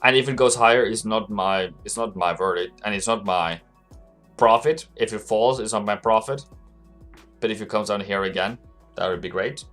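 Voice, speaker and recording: A man's voice: lowish voice, moderate pace, fairly bright tone, faint music behind. A man hosting a live trading stream, chatting casually, answering viewers by name and laughing often. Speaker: forex trading livestream host.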